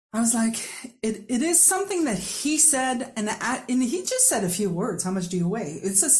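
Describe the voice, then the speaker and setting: A woman hosting a podcast interview, telling a personal story openly, often laughing as she speaks. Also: fairly high pitch. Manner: open, laughing, animated storytelling. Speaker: podcast host. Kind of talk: candid conversational interview.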